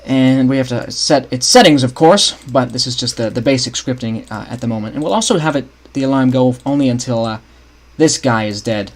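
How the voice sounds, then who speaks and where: While building a game map live, a young male streamer casually walks through his scripting, musing aloud, starting over a lot and chatting with the audience. His voice is medium-pitched and fairly quick, with hardly any pauses.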